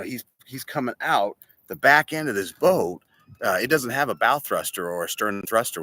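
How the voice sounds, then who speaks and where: A man from a church giving an animated motivational talk and telling stories, speaking from a boat. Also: on the low side. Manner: animated, storytelling, direct questions to listeners. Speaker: church leader.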